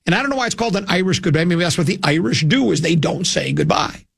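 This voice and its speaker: A man's voice: sits high, animated, quick pace, creaky, slightly rough, no echo, studio quality. An older man from hosting a radio show, telling a rambling, self-mocking anecdote with many restarts. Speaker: radio host.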